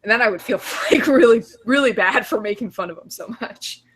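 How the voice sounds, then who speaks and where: A fairly high-voiced woman co-hosting an online talk show. She laughs constantly and swears freely through rude, casual banter. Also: fairly quick, breathy edge. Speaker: podcast co-host.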